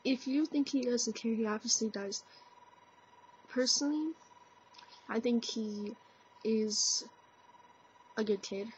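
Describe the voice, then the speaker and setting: A woman's voice: fairly high pitch, takes it slowly, pauses often, slight background noise. A young woman talking earnestly into her camera in a casual opinion vlog, full of "like" and "you know". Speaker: vlogger. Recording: dull lo-fi webcam audio.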